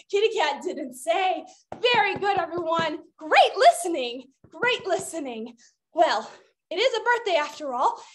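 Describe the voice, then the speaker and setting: Lady doing a super high-pitched happy kitty cat, bouncy sing-song voice, all gasps and wonder for the kids. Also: a bit bright, exaggerated voice. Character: playful cheery female cat host for children. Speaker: children's entertainer. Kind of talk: kids' game and storytime performance.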